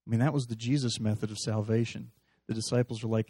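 A man preaching a sermon in a lively, conversational way, acting out little dialogues as he speaks to a live congregation. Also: medium pitch, quick pace, husky, no room sound. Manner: animated, conversational, acts out dialogue.

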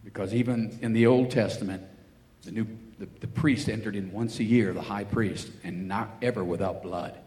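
A man's voice: fairly low pitch, fairly even intonation, normal speed, darkish tone. A man preaching a sermon, telling Bible stories and acting out the voices of the people in them. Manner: storytelling, acting out voices in quotes. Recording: long hall reverb, faint ambient noise.

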